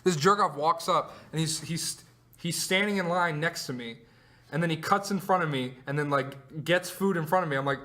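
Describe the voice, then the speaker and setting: A man's voice: a little high, moderate pace, bright, forceful tone. A teenage young man co-hosting a casual chat, telling rambling, profane stories full of "like.". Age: teens. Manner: rambling, profane storytelling with many "like"s. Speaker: co-host.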